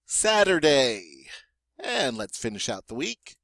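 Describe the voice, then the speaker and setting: A man works through a French vocabulary list at an unhurried pace, saying each word twice before explaining it in English. He slips in dry jokes. The sound is dry and close, with no room echo. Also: mid-range voice, big pitch swings, a bit bright. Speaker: French teacher. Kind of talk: classroom vocabulary lesson.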